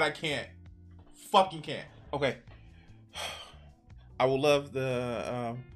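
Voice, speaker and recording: Exasperated streamer with a high voice. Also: male voice, fairly bright tone. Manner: exasperated, profane, talks back to the clip. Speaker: streamer reacting to a debate clip. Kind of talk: casual reaction commentary.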